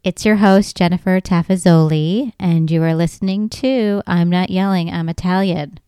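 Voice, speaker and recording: A woman's voice: fairly low pitch, steady tone, moderate pace, mellow, smooth, dry recording, studio quality. A woman hosting a comedy podcast, talking in a chatty, exasperated way and laughing often. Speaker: podcast host. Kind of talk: casual comedic monologue.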